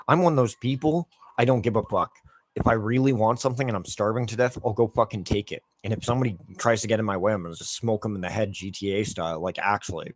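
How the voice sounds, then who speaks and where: Man, forties, gaming youtuber, angry rambling rant, constant swearing, fairly low voice. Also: fast talker, dry recording. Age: 40s. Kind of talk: casual ranting while playing a game.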